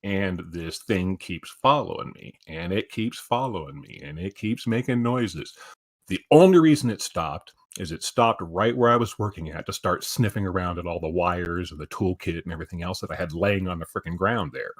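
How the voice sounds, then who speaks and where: Man, 50s, lowish pitch, casual storyteller, swears a lot. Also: moderate pace. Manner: profane, animated storyteller. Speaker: stream co-host.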